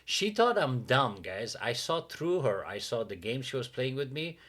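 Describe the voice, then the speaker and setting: A man co-hosting a podcast, telling a dating story in a casual, animated way and acting out what others said. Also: medium pitch, normal speed. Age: adult with a teen-era dating life, father. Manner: animated, acts out quotes of others. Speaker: podcast co-host.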